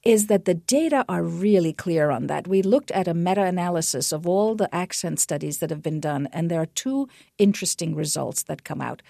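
A middle-aged woman with a slightly low voice explains her research as a radio guest. She talks in an animated way, often restarting her sentences. The sound is dry and close, with no room echo. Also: normal speed, vocal fry, hardly any pauses. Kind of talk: radio interview answers.

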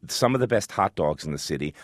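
A man's voice: low voice, expressive, fast talker, no room sound. A man who hosts a food radio show, chatting casually and enthusiastically as a guest, with frequent restarts.

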